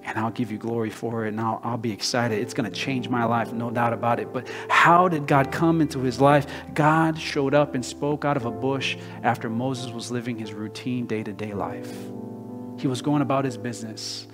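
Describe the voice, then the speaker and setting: A young male pastor preaching an impassioned sermon, swinging between hushed lines and loud emphatic ones. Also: medium pitch, fairly even intonation, normal speed. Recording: long hall reverb, faint guitar.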